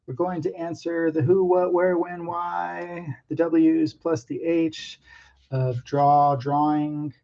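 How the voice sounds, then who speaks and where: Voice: medium pitch, level tone, slow pace, creaky, dark tone, muffled recording. An artist talking casually to camera about drawing, hesitant and nervous, with many ums and restarts and some self-mocking asides.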